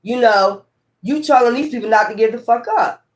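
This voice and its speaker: A woman's voice: on the high side, moderate pace. Blunt, profane woman tarot reader. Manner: repetitive, talks straight to viewers. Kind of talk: casual tarot reading chat.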